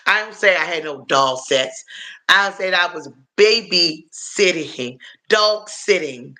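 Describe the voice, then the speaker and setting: A man hosting a live stream, chatting in a rambling way, answering viewers' comments, calling them y'all, and filling pauses with um and uh. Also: on the high side, lively intonation, sharp tone. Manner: halting, with frequent um and uh fillers. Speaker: livestream host answering chat. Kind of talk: casual live-stream chat.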